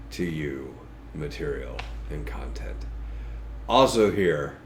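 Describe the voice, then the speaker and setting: A man's voice: low-pitched, a little mellow, slight background noise. A man hosting a casual podcast while congested from a cold, talking in a crude, joking, rambling way. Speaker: podcast host.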